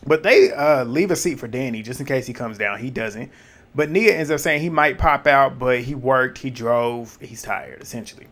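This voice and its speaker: A man giving casual reality TV recap commentary in an animated, blunt way, swearing and laughing at what happened. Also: mid-range voice, normal speed.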